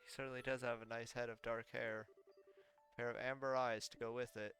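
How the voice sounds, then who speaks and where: A man reading as a calm easygoing father. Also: mid-range voice, fairly quick, lightly acted. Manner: flat monotone reading.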